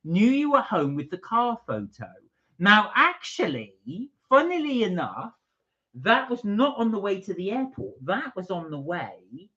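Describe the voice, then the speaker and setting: A man's voice: high voice, measured pace. Upbeat guy rambling on a home livestream, reading out comments, muffled stream sound. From England. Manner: chatty, reads out viewer comments, lively and playful. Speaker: co-host of a live stream. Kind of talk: casual live-stream chat. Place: at home, indoors.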